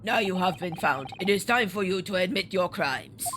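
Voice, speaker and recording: A woman's voice: fairly low pitch, expressive, normal speed, noisy background, voice pushed down, close to an everyday voice. A woman voicing a stern male Russian sailor in a game, with a put-on Russian accent and stiff, formal, threatening speech. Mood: accusing. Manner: stiff, formal, menacing lines. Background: game music.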